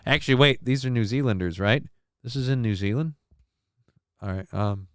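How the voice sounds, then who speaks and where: A show host with a medium-pitched voice talks fast on a casual live stream, reacting to news clips. He rambles, makes sarcastic asides and does mock voices for people in the clips, with clean studio sound and no echo.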